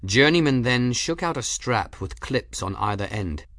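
A man narrating an audiobook chapter in a measured, dramatic storytelling manner, close to the mic. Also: mid-range voice, animated, fairly bright tone, dry recording. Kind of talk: scripted narration.

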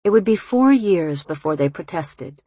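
A woman narrating an audiobook in a measured, even reading voice. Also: lowish voice, husky, no room sound.

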